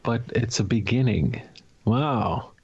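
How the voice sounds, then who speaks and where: A man's voice: on the low side, animated, slow, vocal fry, darkish tone, breathy edge, dull audio. A man co-hosting a podcast, chatting casually and joking at his own expense. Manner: joking, chatty, self-deprecating. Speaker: podcast co-host.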